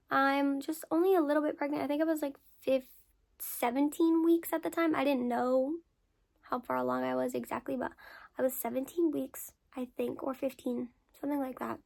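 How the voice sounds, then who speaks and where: A woman's voice: high-pitched, a little fast, gravelly. A young woman content creator telling a story in a casual Q&A, candid, swearing freely and repeating words for emphasis. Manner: lively storyteller with emphatic repetition. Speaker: content creator answering follower questions.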